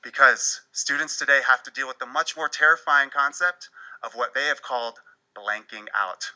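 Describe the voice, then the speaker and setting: Bright-voiced animated male speaker. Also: medium pitch, moderate pace, rough recording. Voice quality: animated, wry storytelling. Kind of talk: presentation talk.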